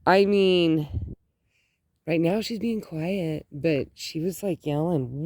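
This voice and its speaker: Gravelly, slow-talking woman in a garden. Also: deep voice, dark tone, no echo. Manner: rambling, says "like" often. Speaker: gardening vlogger. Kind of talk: casual vlog chat. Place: outdoor garden.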